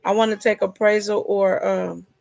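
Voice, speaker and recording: A woman's voice: mid-range voice, flat delivery, normal speed, creaky, a little mellow. A woman in her fifties chatting casually on a live stream, telling colloquial stories with bursts of laughter. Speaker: vlogger hosting a live chat.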